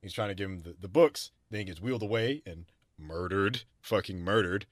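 A man in casual conversation about a movie, recapping scenes with swearing and excited reactions as a co-host. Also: a little fast, no room sound, studio quality. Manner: expressive, swings between loud excitement and low recaps. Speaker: podcast co-host. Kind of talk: casual movie review chat.

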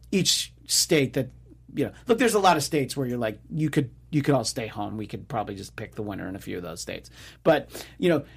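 Wry, rambling man in political chat. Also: mid-range voice. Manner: wry, sarcastic, rambling with many fillers.

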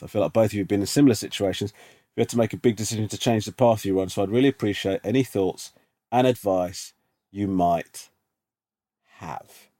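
A man's voice: fairly low pitch, mellow, no room sound. A man co-hosting a casual advice podcast, dry and teasing, reading listener emails aloud and giving his view. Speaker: podcast co-host. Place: remote call.

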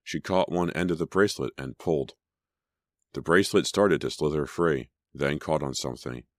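A man reading an audiobook in scripted narration, telling the story in a measured way. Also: rumbling low, no echo, clean studio sound.

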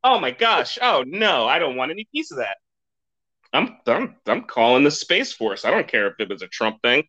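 Lively, bright-voiced man hosting a podcast. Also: medium pitch, normal speed, dull audio. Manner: animated, rambling and excitable with lots of laughter. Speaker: podcast host. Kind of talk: casual chat.

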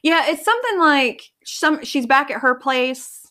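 Bright-voiced woman chatting about a book. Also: sits high, unhurried. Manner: profane, animated retelling with acted-out quotes. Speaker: book reviewer. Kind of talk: casual book chat.

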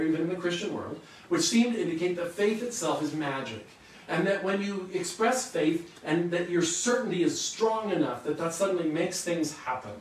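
A man delivers a sermon in a slightly high voice, posing rhetorical questions and answering them in an earnest teaching manner. He sounds set back from the mic in a very echoey room, with faint ambience underneath. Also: far from the mic, a little hiss or hum. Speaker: pastor.

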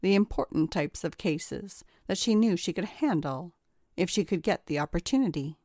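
Low-voiced woman narrating a story. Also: animated, moderate pace, darkish tone, no room sound, studio quality. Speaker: audiobook narrator. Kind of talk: scripted narration.

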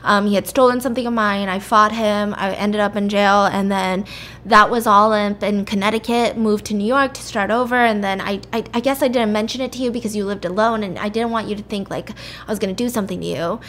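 A woman's voice: mid-range voice, fairly even intonation, brisk, a bit bright, slight background noise, natural voice. A woman voicing a young man who rambles sheepishly through an apology and explanation.

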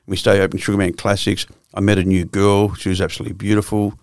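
A man's voice: on the low side, little pitch movement, quick pace, gravelly, no echo, clean studio sound. A man in his sixties with an Australian accent, a guest telling his life story bluntly and profanely, full of restarts. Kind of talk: candid storytelling interview.

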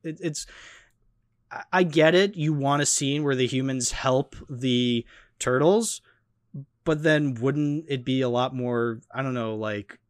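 A man hosting a casual movie podcast, giving animated, critical opinions with lots of fillers. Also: medium pitch, takes it slowly, clear, resonant tone, dry recording, clean studio sound. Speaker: podcast host. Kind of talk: casual movie review chat.

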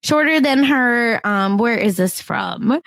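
A young woman with a light Indian accent chats about celebrity gossip as a podcast co-host. Her fairly high voice leaps up and down with animated, chatty energy, and she laughs often. The sound is close and dry. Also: takes it slowly, dry recording. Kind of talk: casual celebrity gossip chat.

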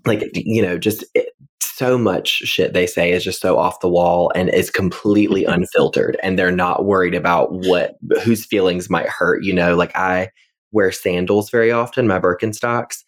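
Male co-host, very low voice, dry and self-mocking, loose chatty delivery. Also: fairly even intonation, normal speed. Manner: wry, self-deprecating storyteller with frequent fillers. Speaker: podcast co-host, middle school English teacher. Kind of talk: casual podcast chat.

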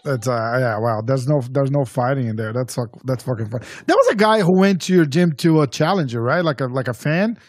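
A man whose first language is Portuguese, hosting a casual chat, eager and asking halting questions. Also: medium pitch, no echo. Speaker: podcast host.

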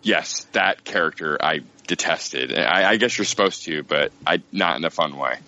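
Deep bright-toned man, lo-fi audio. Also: normal speed. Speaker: podcast guest. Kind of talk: casual movie discussion. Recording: slightly dull lo-fi sound.

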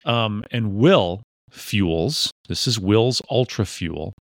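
A man's voice: fairly low pitch, slow, dry recording, studio quality. A man hosting a podcast interview, joking and teasing his guest in a casual chat. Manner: jokey, animated, teasing, puts on funny voices. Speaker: podcast host.

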